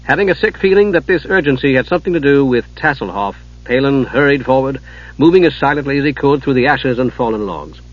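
A man narrating an audiobook fantasy story in a measured, dramatic reading. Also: medium pitch, expressive. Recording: dull lo-fi audio.

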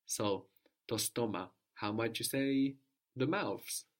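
A man's voice: medium pitch, slow. A man teaching a language lesson, patiently prompting his student and repeating the answers.

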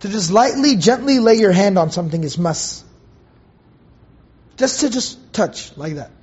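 A man's voice: sits high, animated, measured pace, a little mellow. A man giving a Quran commentary lecture, explaining word by word and asking rhetorical questions, on a dull lo-fi recording. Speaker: Quran teacher.

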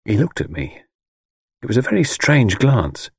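A male audiobook narrator in a dry, close recording, reading first-person fiction with measured storytelling. His pitch moves expressively while the pace stays steady. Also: creaky, husky, dry recording. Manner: measured storytelling, drops low on speech tags.

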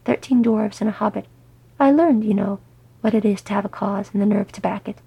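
A woman voicing a calm, confident male dwarf scribe. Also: mid-range voice, a little fast, gravelly, husky, dry recording, low-quality recording.

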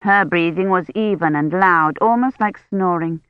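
A woman narrates an audiobook in a lowish voice, reading a script in a measured, even storytelling style. The studio audio is dull and slightly muffled, with no room sound.

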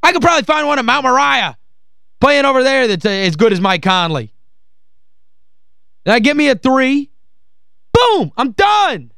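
A sports radio host with a very high-pitched voice, worked up and exasperated, stacking repeated phrases on top of each other as he rants. The studio sound is close and dry, with no room around him. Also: expressive, moderate pace, creaky, long pauses, sharp tone, clean tone, no echo. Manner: heated, exasperated, emphatic ranting. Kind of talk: call-in sports talk rant.

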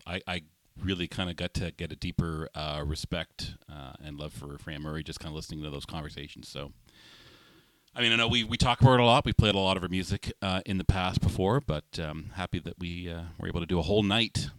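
A man's voice: low-pitched, fast, fairly bright tone, no room sound. A man co-hosting a live music stream, speaking in a laid-back, hesitant way with many fillers. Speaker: co-host of a music livestream. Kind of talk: casual live-stream chat.

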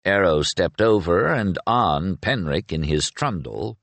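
Low voiced guy reading a fantasy audiobook, lots of pitch movement, dry close mic. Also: unhurried, no room sound. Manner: expressive storytelling. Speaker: audiobook narrator. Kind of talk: scripted narration.

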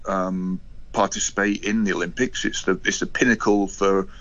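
On a radio show, a rugby union spokesman delivers sports news in a casual, hesitant way, full of fillers and restarts. His deep voice is flat and a bit bright at a normal speed, and the recording sounds muffled.

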